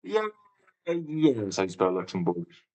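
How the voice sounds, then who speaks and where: A man's voice: lowish voice, very animated, normal speed, darkish tone, low-quality recording. A man live-streaming a game, talking casually and thinking aloud, with a rambling manner and sudden exclamations. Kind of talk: casual live commentary while playing.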